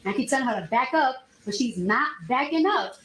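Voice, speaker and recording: A woman testifying as a witness in a courtroom, telling her story in an animated way and acting out the dialogue. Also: sits high, brisk, background noise.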